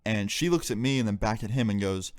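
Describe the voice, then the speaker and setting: A man's voice: lowish voice, lively intonation, fairly quick, smooth. A young man telling a story in a casual storytime vlog, exasperated and swearing freely as he goes. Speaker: vlogger.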